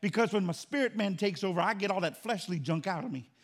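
A man preaching a sermon as pastor, emphatic and repetitive in cadence, swinging between loud and quiet. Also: sits high, quick pace. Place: church.

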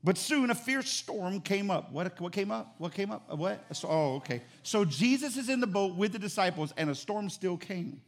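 A man preaching a sermon as pastor, animated and emphatic, repeating phrases for emphasis. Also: high voice, normal speed, few pauses.

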